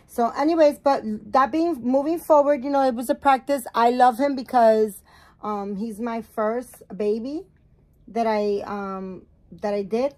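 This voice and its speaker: A woman's voice: on the high side, measured pace, a little mellow. A middle-aged woman vlogging at home, chatting casually to her viewers, rambling and correcting herself as she goes. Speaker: doll-making vlogger.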